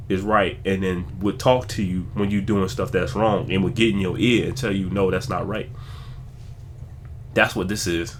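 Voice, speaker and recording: A man hosting a reaction video, giving casual, animated commentary that hypes up and riffs on a clip. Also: lowish voice, slight background noise.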